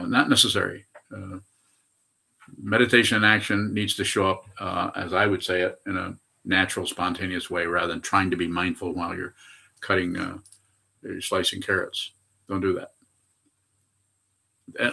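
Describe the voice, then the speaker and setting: A man's voice: low-pitched, creaky, sharp tone. A man in his eighties, a Buddhist meditation teacher, giving a rambling dharma talk full of hesitations and self-corrections. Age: 80s. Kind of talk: dharma talk answering questions.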